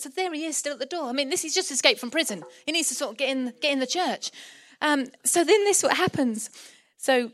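A woman's voice: high-pitched, expressive, fairly quick, fairly bright tone, no echo. A middle-aged woman from England preaching a sermon as pastor, impassioned and rousing, acting out the voices in her story.

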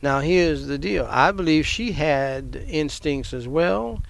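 An older man preaches a sermon, his voice a little high and noticeably gravelly. He talks to the congregation conversationally, doubling back on phrases and dropping in asides as he goes. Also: lively intonation, takes it slowly. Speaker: pastor.

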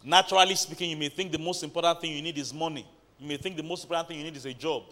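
Man, pastor, sermon in church, bright forceful tone, slightly high voice, emphatic call-outs. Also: steady tone, very fast. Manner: preaching with rising emphatic bursts and call-outs to the congregation.

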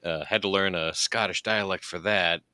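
Podcast co-host, man, very deep but bright voice, jokey, dry close sound. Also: steady tone, dry recording. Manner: jokey, laughs often, quick asides. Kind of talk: casual chat.

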